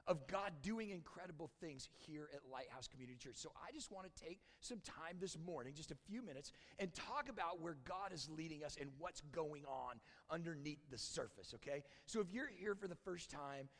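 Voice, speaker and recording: A man preaching a conversational sermon as a church pastor, often dropping to a hushed, intense tone. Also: fairly high pitch, animated, moderate pace, hardly any pauses, in a large hall. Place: church sanctuary.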